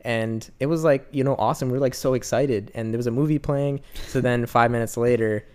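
Smooth-voiced young man telling a story. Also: mid-range voice, brisk. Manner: lively, laughs often, acts out quotes. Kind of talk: casual storytelling.

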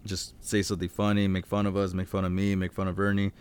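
A man's voice: sits low, monotone, quick pace, darkish tone, clear, resonant tone, no room sound. A male podcast co-host in casual chat, laid-back, laughing often and giving short replies.

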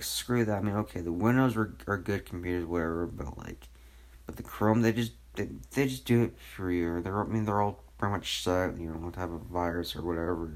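A young man rambling on his own podcast at home, swearing a lot and filling every pause with "you know" and "like". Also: low voice. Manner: rambling, profane, full of fillers. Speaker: podcast host. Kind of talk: casual solo rant.

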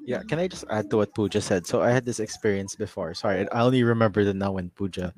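A man's voice: fairly low pitch, quick pace, darkish tone. A man hosting a casual panel discussion, jumping in often and apologizing as he talks. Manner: apologetic, jumps in with sorry.

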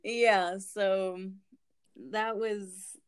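A young woman casually telling a story, animated, swearing and laughing as she goes. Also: medium pitch, extremely slow, clean tone.

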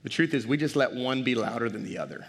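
A male pastor preaching a sermon to a congregation, animated and direct, calling out to the crowd. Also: medium pitch, fast, gravelly, long reverb tail.

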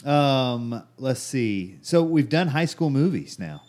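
A man's voice: mid-range voice, big pitch swings, takes it slowly, darkish tone. A man in his forties co-hosting a podcast, chatting casually and trailing off in loose, rambling sentences. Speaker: podcast co-host. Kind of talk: casual chat.

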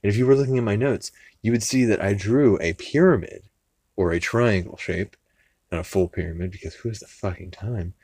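A man's voice: on the low side, a little fast, darkish tone, no echo. A man hosting a podcast, casually recapping an episode in a rambling, profane way with many fillers and restarts. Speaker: podcast host.

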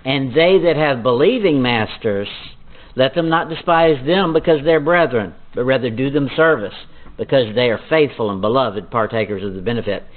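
A man preaching verse by verse, reading scripture in a slow, dramatic way and then explaining it in folksy, chuckling asides. His voice comes through thin and tinny, like a phone line. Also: medium pitch. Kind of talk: Bible teaching sermon.

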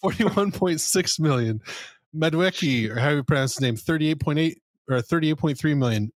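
A man's voice: a little high, moderate pace, dry recording, clean studio sound. A man co-hosting a casual football podcast, laid-back and rambling, swearing now and then. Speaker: podcast co-host.

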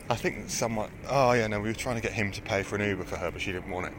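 A man's voice: lowish voice, fast, few pauses, noisy background. A man telling rambling, sweary anecdotes in casual chat, often laughing as he goes.

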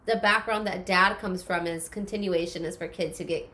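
A woman's voice: fairly low pitch, steady tone, moderate pace, sharp tone. A woman in easy conversation, listening closely and adding her own memories. She chimes in often and laughs along. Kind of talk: casual conversation.

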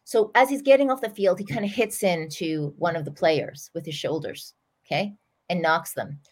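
Woman parenting coach, middle-aged, earnest animated storytelling, slightly low voice. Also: normal speed. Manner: earnest, animated, vivid example-telling. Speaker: parenting coach, podcast guest. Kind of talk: storytelling explanation in an interview.

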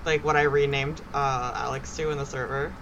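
A woman in casual chat, giggling often and telling stories quickly. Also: rumbling low, fairly even intonation, a bit bright, muffled recording, slight background noise.

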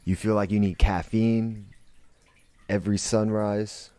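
Low, slow, profane man ranting. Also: level tone, dark tone, dry recording. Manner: blunt, profane, rambling with restarts. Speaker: podcast host. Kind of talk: casual monologue.

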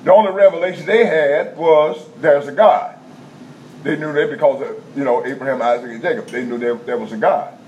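A man preaching a teaching sermon to a congregation in a somewhat high voice. He talks conversationally in vernacular speech, checks in often with his listeners and repeats key points slowly. The recording is dull and lo-fi, with a faint hum of noise behind him. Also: a little mellow.

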